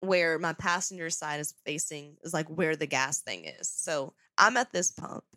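A young adult woman hosting a podcast, telling a story in a casual, sarcastic, animated way. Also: sits low, moderate pace, no room sound. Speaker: podcast host.

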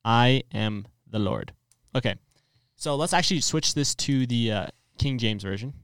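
Earnest young man explaining, smooth voice. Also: mid-range voice, measured pace, fairly bright tone, dry recording, clean studio sound. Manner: earnest, explanatory, leads the discussion. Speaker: host. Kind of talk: casual religious discussion.

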